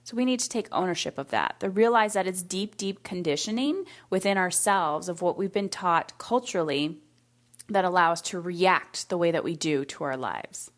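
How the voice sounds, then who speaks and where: A woman's voice: fairly low pitch, moderate pace. A woman hosting a solo podcast in a casual, reflective way, acting out the voices of people she quotes. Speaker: podcast host.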